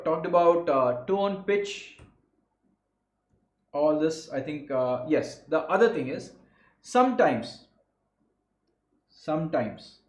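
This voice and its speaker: A man's voice: high voice, reverberant, low-quality recording. A young man with an Indian English accent coaching students for interviews, stressing his words with a voice that rises and falls. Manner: animated, stresses words, voice rising and falling. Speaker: exam coach. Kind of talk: instructional talk to students.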